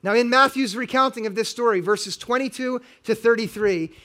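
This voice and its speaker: A man's voice: very high voice, moderate pace, bright, forceful tone. A middle-aged male pastor preaching a sermon, earnest and building to emphatic exhortation.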